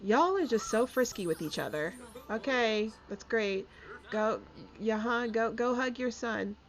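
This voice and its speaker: A young woman casually commentating her life-sim game as she streams, chatty and giggly, voicing her characters' thoughts in quick asides. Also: fairly high pitch, animated.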